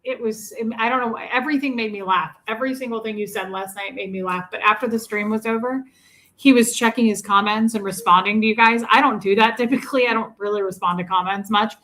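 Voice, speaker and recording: Bright-voiced woman in her forties. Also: on the high side, quick pace. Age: 40s. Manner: candid, blunt, swears freely. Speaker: co-host of a livestream. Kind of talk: casual chat reading viewer comments.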